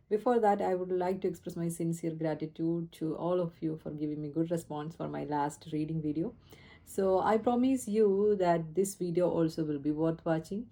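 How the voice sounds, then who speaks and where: Recording herself on a phone camera, an Indian woman who trains students for English tests explains in a low, mellow voice. She speaks earnestly and pauses on fillers.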